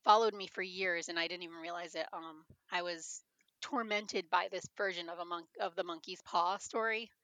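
A woman guest on a podcast, hoarse from a chest cold, chatting in a candid, jokey way. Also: fairly low pitch, fairly even intonation, normal speed, a bit bright, dry recording, rough recording. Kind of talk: casual chat.

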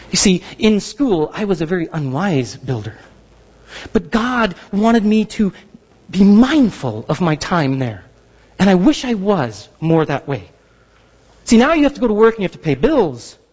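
A man in his thirties preaching a sermon as pastor, telling stories with animated, playful outbursts. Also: high-pitched. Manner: animated storytelling, acts out frustration with loud outbursts. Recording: dull sound with long hall reverb.

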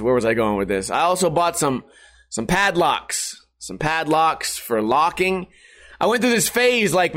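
Still in his hot house, the thirty-something streamer keeps talking into his home webcam with a fairly high, slightly bright voice. It's a rambling, casual vlog laced with profane jokes.

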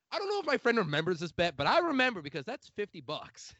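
An animated Midwestern man hosting a podcast, his fairly high voice swooping up and down as he swears and laughs through his stories. The sound is dry and close, with a dull, muffled lo-fi tone. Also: quick pace, hardly any pauses, no room sound. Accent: Midwestern American. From outside Chicago. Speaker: podcast host. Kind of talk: casual chat.

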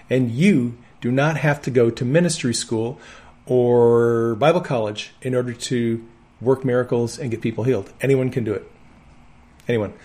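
A man's voice: mid-range voice, darkish tone. A man who works on an ambulance, preaching a sermon and telling personal healing testimonies with earnest conviction. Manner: earnest storytelling with firm conviction.

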